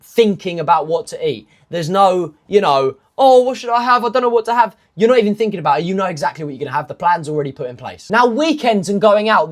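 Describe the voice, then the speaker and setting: A man, a fitness coach, talking casually through nutrition rules in step-by-step lists, with self-mocking asides. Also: high voice. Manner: emphatic, stepwise lists of rules. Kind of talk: casual instructional talk.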